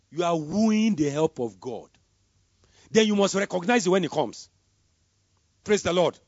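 A man preaching a sermon, swinging between loud emphatic calls and soft murmured prayer. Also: a little high, husky, no echo. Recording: dull lo-fi sound.

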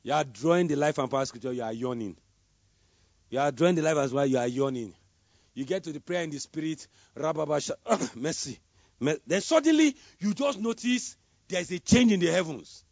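A man preaching a sermon, swinging between loud emphatic calls and soft murmured prayer. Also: on the high side, lively intonation, a little fast, no echo. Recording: dull lo-fi sound.

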